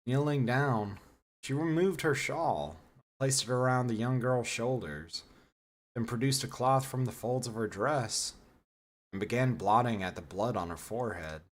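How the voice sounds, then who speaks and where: A man reading a novel aloud on a stream, expressive and slow. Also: mid-range voice. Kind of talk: dramatic reading with live reactions.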